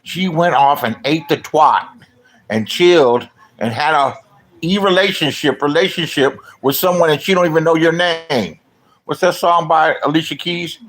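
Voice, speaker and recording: A middle-aged man from Los Angeles giving casual livestream commentary, rambling and profane, often swinging into loud rants. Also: on the high side, animated, normal speed, rough recording. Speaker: vlogger.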